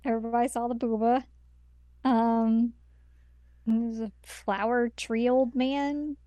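A woman's voice: a little high, fairly even intonation, slow pace, dark tone, dry recording. A woman co-hosting a podcast, chatting in a wry, playful way. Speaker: podcast co-host. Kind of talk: casual chat.

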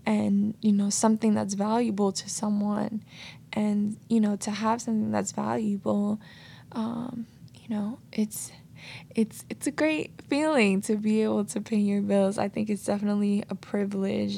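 A woman's voice: mid-range voice, vocal fry, dark tone, slightly rough. A woman hosting a reflective solo podcast, telling stories in a casual, earnest way. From United States. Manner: casual, earnest, storytelling with many "like" and "you know". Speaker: podcast host. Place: New York City.

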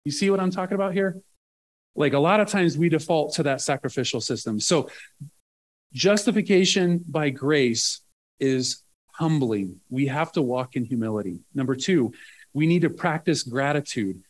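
A man's voice: on the high side, lively intonation, moderate pace. A man pastor preaching a sermon in a conversational way, often checking in with the room.

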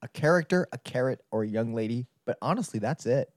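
A man hosting a casual comedy podcast, telling stories in an animated, jokey way. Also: mid-range voice, fast talker, dry recording, studio quality. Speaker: podcast host.

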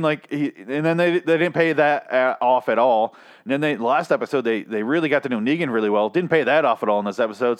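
A man hosting a podcast who rants through a TV review in a casual, profane, sarcastic and exasperated way. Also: medium pitch.

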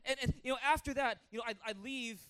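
Canadian pastor guy, high voice, fired up, preaching and telling stories to the church. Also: fast talker, clean tone. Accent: Canadian English. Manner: energetic, calls for amens, tells stories with acted-out voices. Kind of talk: sermon.

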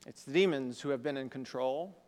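A pastor with a mid-range voice preaches a little fast, talking to the congregation conversationally and often posing rhetorical questions, all captured with a long hall reverb.

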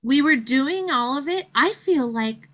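Woman, middle-aged, interview guest, bright voice, animated storytelling. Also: a little slow, rough recording. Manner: animated, acts out quotes with big pitch jumps. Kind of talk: conversational storytelling.

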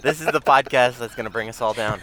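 A man co-hosting a podcast, calling in while out, exasperated and trying to slow the others down. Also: mid-range voice, a crowd in the background, low-quality recording. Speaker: podcast co-host. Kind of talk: casual chat.

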